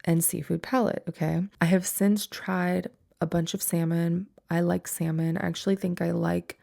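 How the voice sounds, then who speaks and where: A woman's voice: fairly low pitch, little pitch movement, moderate pace, gravelly, warm tone. A young woman in her twenties hosting a solo podcast, chatting casually with lots of "like" fillers and frequent laughter. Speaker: podcast host.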